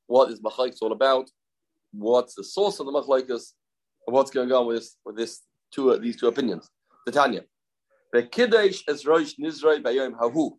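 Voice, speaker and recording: A man's voice: mid-range voice, moderate pace, low-quality recording. Man explaining Talmud text aloud. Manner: explains by repeating key phrases and asking himself questions; mixes English with Hebrew and Aramaic terms. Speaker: Talmud teacher. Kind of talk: Talmud study lesson.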